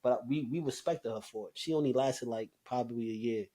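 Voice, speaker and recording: Husky-voiced man telling a story. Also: mid-range voice, a little fast. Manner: animated storyteller, swears freely. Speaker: podcast co-host. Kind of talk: casual storytelling chat.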